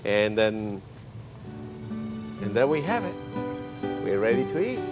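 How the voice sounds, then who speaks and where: A man's voice: fairly low pitch, very animated, takes it slowly, music in the background. An older man hosting a cooking show, chatting while he cooks and telling folksy stories with joking asides.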